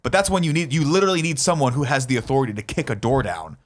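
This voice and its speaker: A man's voice: mid-range voice, racing, background noise. A man, a podcast co-host, telling a heated story in casual chat and swearing a lot.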